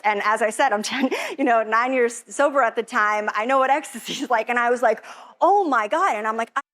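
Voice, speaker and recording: Young woman, higher voice, emotional first-person testimony, chatty and rambling. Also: fairly bright tone. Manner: emotional, rambling, lots of "like" quoting herself. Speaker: testimonial speaker.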